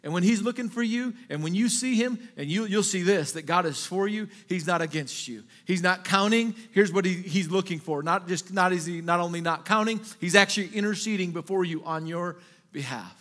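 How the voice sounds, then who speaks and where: His voice high and his delivery a little fast, a male pastor preaches an impassioned sermon. He shifts from loud questions aimed at the crowd to hushed remarks, circling back on phrases and restarting lines.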